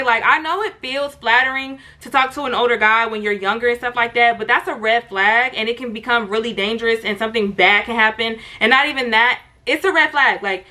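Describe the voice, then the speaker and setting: A young woman vlogger telling a storytime in an animated, slangy way, talking straight to her viewers. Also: sits high. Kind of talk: storytime vlog.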